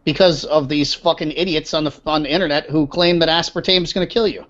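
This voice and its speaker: A man's voice: on the high side, fairly even intonation, quick pace, fairly bright tone. A man hosting a casual podcast, blunt, opinionated and profane. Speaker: podcast host. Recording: dull lo-fi sound.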